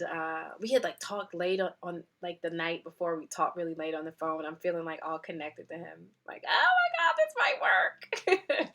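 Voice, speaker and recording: A woman coach talks through her own stories in a relaxed motivational style. Her voice sits a little low, and she acts out the quoted lines with lively, animated turns. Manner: animated storytelling with acted-out quotes and laughs. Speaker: wellness and life coach. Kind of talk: casual motivational talk.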